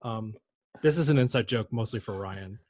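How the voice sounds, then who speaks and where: Husky-voiced man riffing on sports. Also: on the low side, moderate pace, a little mellow. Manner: rambling, joking, swears freely. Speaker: podcast co-host. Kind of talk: casual sports podcast chat.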